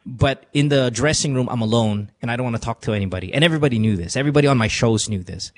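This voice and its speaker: This podcast host, medium-pitched and rapid-fire, runs an emotional call-in advice show from a radio studio. He talks earnestly and confessionally, repeating himself as he counsels.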